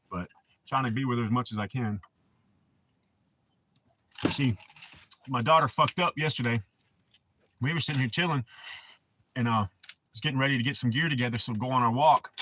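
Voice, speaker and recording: A man's voice: mid-range voice, bright, forceful tone, a little hiss or hum. A middle-aged man hosting a casual live stream, laid-back, swearing freely and laughing often. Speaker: livestream host.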